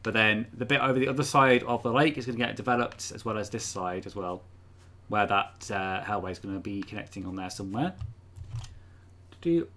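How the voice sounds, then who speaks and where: Bright-voiced chatty man streaming. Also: lowish voice, fairly quick. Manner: rambling, filler-heavy, chatty. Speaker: livestream host. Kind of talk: casual live-stream chat. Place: room at home.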